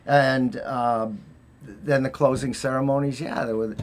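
A man with a Boston accent, speaking at an everyday pitch, recounts old memories in a loose, rambling way with plenty of ums and restarts. His casual interview talk carries a faint hiss of background noise. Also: steady tone, measured pace. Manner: rambling, anecdotal, many fillers and restarts. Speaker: guest, former Olympic figure skater.

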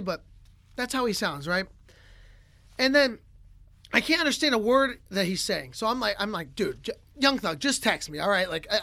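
Lively young man telling a story on a podcast. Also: high voice, no echo. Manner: animated storyteller, many fillers like "like" and "right?". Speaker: podcast co-host.

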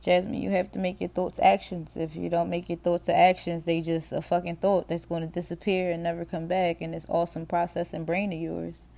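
A middle-aged woman talking alone on her podcast, her voice low and gravelly with a mellow, dark tone. She rambles in a loose, candid way, swears without care and laughs often as she thinks aloud. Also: little pitch movement, brisk, hardly any pauses. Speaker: podcast host. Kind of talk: casual solo monologue.

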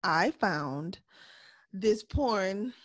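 Woman podcast co-host, candid, laughs easily, mid pitch, dry close mic. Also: animated, drawn-out words, no echo. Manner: candid, laughs often, drops into a soft voice. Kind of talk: casual chat.

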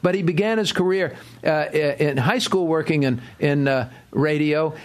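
Chatty higher-pitched man hosting in studio. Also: moderate pace. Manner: chatty, rambling, self-deprecating. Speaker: podcast host, financial adviser. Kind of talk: casual radio-style talk.

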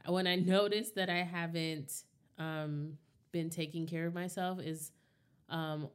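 Low, smooth-voiced woman chatting candidly. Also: fairly even intonation, takes it slowly. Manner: candid, reflective, often asks "you know what I mean". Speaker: podcast co-host. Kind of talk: casual chat.

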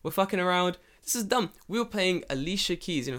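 A man's voice: sits high, expressive, fairly quick, fairly bright tone. A man in casual podcast chat, telling stories with lots of swearing and acting out quoted voices. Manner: profane, storytelling, acts out quotes. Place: lives in Japan.

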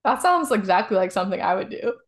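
A woman's voice: mid-range voice, very animated, fast talker. A young woman co-hosting a podcast in easy, chatty conversation. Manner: chatty, reacts with surprise. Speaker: podcast co-host. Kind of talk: casual chat.

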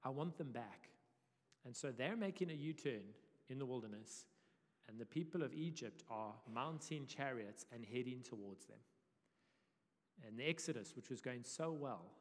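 A male pastor delivers a conversational sermon in an animated, easygoing way. His voice sits in an ordinary middle register. A long reverb trails off each phrase. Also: medium pitch. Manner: conversational, animated, self-deprecating. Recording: reverberant church hall.

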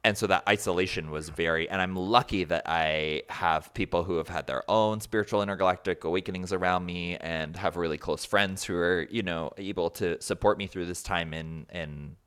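Deep-voiced man rambling through a story. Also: moderate pace, few pauses, clean tone. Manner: rambling, animated, filler-heavy with many likes and you-knows. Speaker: podcast guest. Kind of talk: casual conversational storytelling.

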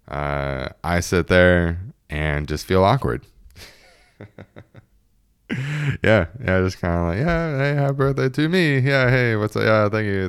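A man's voice: deep voice, clear, resonant tone, no room sound, clean studio sound. A young man in his twenties casually telling a story, laughing often and acting out what his friends said.

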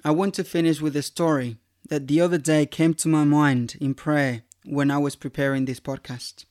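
A man with a fairly high voice gives an earnest faith reflection on his podcast. He exhorts his listeners and slows down to press his main points. The sound is dry and close. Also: fairly even intonation, darkish tone, no echo. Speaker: podcast host.

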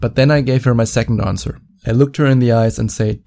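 A man's voice: mid-range voice, fairly even intonation, fairly quick, vocal fry, few pauses, mellow. A man working as a dating coach, telling a story to camera in a mocking, profane way and stretching out words for emphasis.

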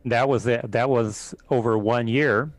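Man, priest guest, calm measured telling, dry close sound. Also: mid-range voice, no room sound, rough recording. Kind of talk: interview storytelling.

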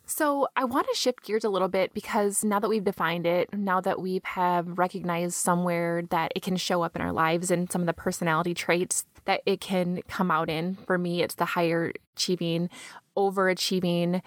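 A woman with a lowish voice hosts a motivational podcast. She speaks earnestly and encouragingly, straight to her listeners. The recording is dry and close, with no room sound. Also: steady tone, normal speed, dry recording. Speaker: podcast host.

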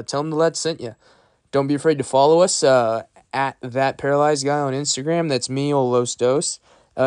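A man's voice: medium pitch, darkish tone, clear, resonant tone, no echo, studio quality. Casual man reading a podcast intro. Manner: casual, rambling, many fillers. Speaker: podcast host.

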